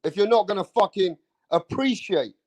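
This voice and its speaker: A man rants into the camera in a high-pitched voice. He is fired up and swears freely. He hammers the same points over and over. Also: normal speed. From England. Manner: fired-up, profane, repeats himself, keeps saying bro. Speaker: boxing channel host. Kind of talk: heated opinion rant to camera.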